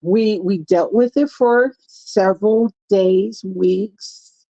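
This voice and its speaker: A woman's voice: medium pitch, slow pace, dark tone, no echo, muffled recording. A middle-aged woman co-hosting a live chat show, talking in a direct, matter-of-fact way. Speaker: co-host.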